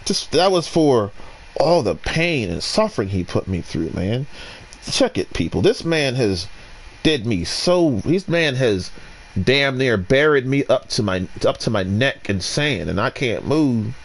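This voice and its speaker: A man ranting while commentating his gameplay, restarting sentences and swinging between loud outbursts and low muttering. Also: sing-song, a little slow. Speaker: gamer.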